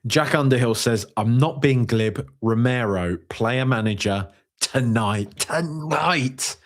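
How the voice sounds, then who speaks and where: A man hosting a fan podcast, reading out viewer comments in a jokey, rambling way with sudden high-pitched outbursts. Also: measured pace. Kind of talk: casual live-stream chat.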